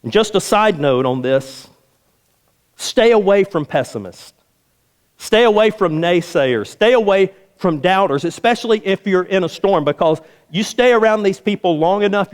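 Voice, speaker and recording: Man preaching in a reverberant sanctuary. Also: high voice. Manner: folksy storytelling with repeated phrases. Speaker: pastor. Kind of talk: sermon. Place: church sanctuary. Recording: long hall reverb.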